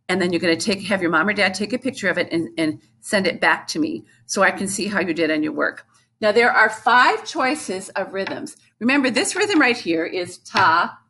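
A woman's voice: medium pitch, a bit bright, slightly rough. A woman music teacher giving a recorded lesson to young children, explaining patiently and chanting rhythm syllables.

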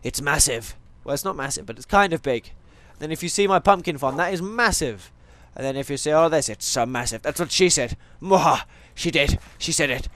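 Young-sounding male let's-play host, slightly high voice with lively swings, rambling, playful, chatty to his viewers. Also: fairly quick, few pauses. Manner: rambling, jokey, goes off on tangents; talks to viewers and animals in game. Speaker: gaming channel host. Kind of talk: Minecraft let's play commentary.

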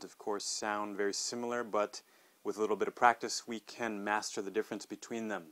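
Middle-aged male pronunciation teacher, lowish voice, slow clear repeat-after-me drills. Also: fairly bright tone. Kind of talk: podcast pronunciation lesson.

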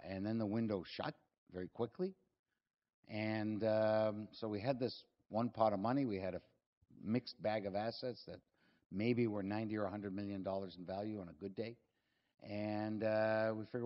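A man's voice: lowish voice, dull audio. An older man, speaking as a guest at an event, telling rambling, self-deprecating business stories. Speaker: guest speaker, real estate executive. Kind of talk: anecdotal talk to an audience.

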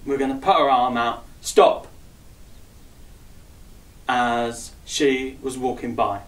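Man, dance instructor, upbeat and jokey, counts steps aloud, slow easy delivery, echoey room, distant mic. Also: medium pitch, little pitch movement, a bit bright. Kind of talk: dance tutorial, calling out steps. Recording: roomy echo, voice far from mic.

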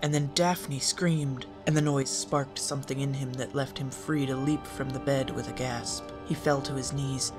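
An audiobook reader narrating a fan fiction story in a calm, measured way. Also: mid-range voice.

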